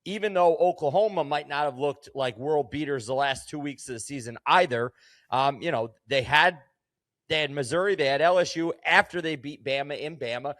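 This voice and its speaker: A man's voice: fairly high pitch, normal speed, fairly bright tone, no room sound, clean studio sound. A man co-hosting a casual sports betting talk show, speaking bluntly and emphatically with plenty of swearing. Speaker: co-host.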